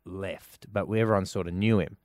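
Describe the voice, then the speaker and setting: A middle-aged Australian man hosting a casual chat, chatty and quick to laugh as he tells a story. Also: low voice, steady tone, darkish tone, no echo, clean studio sound. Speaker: podcast host.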